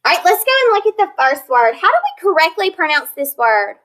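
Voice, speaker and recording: A woman teacher leading a phonics lesson, sounding out words slowly and clearly, patient and encouraging. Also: extremely high pitch, sing-song, a bit bright, poor audio. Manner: slow, clear modeling of words.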